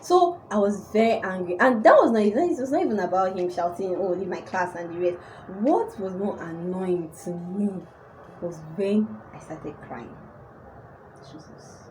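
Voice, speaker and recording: A woman's voice: mid-range voice, moderate pace, slight background noise, low-quality recording. A young woman telling a personal story casually to her viewers. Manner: animated storytelling. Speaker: vlogger.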